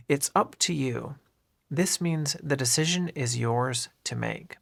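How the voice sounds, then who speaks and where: This English teacher, a man with a mid-pitched voice carrying a gravelly, creaky edge, narrates a scripted lesson. He models each phrase clearly and deliberately and shows how the words run together.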